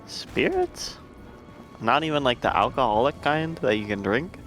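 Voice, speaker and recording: Male co-player, mid-pitched voice, joking and deadpan, faint music behind. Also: fairly quick. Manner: joking, playful, deadpan asides. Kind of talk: casual gaming chat.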